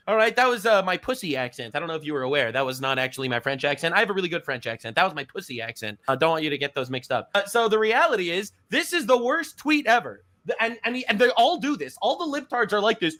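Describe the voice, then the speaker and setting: A man's voice: high voice, very animated, fast, hardly any pauses, bright, forceful tone. A man co-hosting a podcast in casual commentary, crude and mocking. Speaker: podcast co-host.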